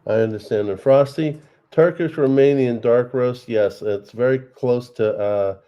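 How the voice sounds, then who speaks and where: A man's voice: mid-range voice, unhurried, clean tone, muffled recording. A man hosting a livestream, chatting easily, agreeing with his guest and reading out viewer comments. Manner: easygoing and agreeable, reads out chat comments. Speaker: livestream host. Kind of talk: casual livestream chat.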